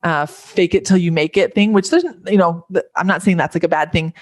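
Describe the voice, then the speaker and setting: A woman with a lowish voice talks through her ideas as a podcast guest, earnest and full of fillers. The sound is dry and close. She searches for words as she goes, in a casual conversational way. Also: brisk, no echo. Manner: earnest, thinking aloud with many fillers. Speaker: podcast guest, life coach.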